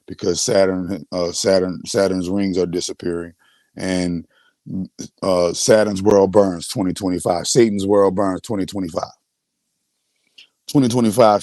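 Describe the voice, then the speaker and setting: A man's voice: on the low side, darkish tone, dry recording. Guy ranting on his stream, brags and repeats himself, aave, dead dry room. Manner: boastful, repetitive, restarts often. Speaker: host. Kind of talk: livestream rant.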